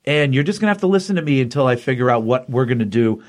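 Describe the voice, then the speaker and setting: A man's voice: mid-range voice, animated, rapid-fire, lightly acted. A man doing a smug reality-bending imp. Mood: smug teasing.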